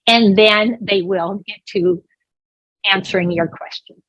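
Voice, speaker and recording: A woman's voice: mid-range voice, slow pace, fairly bright tone, breathy edge, dry recording, muffled recording. A woman working as a voice interpreter, speaking a sign-language lesson aloud in an explanatory, conversational way with small restarts. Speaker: voice interpreter for a deaf presenter.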